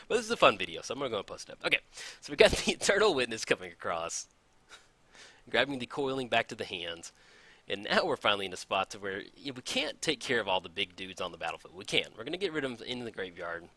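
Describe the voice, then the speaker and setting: Casting note: a man as a chatty, laugh-prone game commentator, bright tone, animated pitch. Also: fast, dry recording. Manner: excitable, laughs often, chatty and self-deprecating. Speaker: gameplay commentator. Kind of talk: casual card game commentary.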